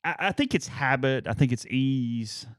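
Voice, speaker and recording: Animated man co-host, dry close sound. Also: mid-range voice, clear, resonant tone, dry recording. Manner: conversational, halting restarts. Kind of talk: casual sports talk chat.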